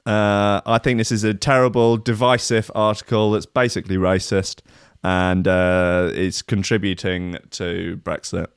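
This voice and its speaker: A man's voice: sits low, flat delivery, a little slow, clear, resonant tone, no room sound, studio quality. An English man, a young adult, giving casual sarcastic commentary and swearing as he reads out a list. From England. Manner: sarcastic, swearing, laughs at own jokes.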